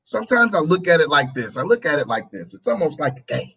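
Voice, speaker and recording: A man's voice: on the high side, big pitch swings, quick pace, pushed and bright, husky, muffled recording. A male talk show host delivering a preachy political commentary monologue, repeating his phrases and acting out both sides of an argument.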